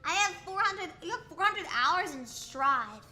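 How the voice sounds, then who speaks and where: A woman's voice: very high voice, expressive, a little slow, pushed and bright. A woman VTuber streamer from the United States, chatting casually and playfully, asking lots of questions and reading chat aloud. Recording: faint music behind.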